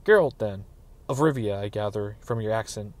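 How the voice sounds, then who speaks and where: A man reading aloud, voicing a gruff, officious middle-aged castellan in a fantasy story. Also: normal speed, natural voice. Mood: blustering. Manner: exclaiming, higher and louder than the narration. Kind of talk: dramatic audiobook reading.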